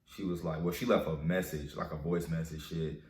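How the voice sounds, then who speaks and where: Deep-voiced man, slangy and profane. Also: steady tone, normal speed, a little mellow. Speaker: dating advice vlogger. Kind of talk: casual storytelling and advice monologue. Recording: roomy echo.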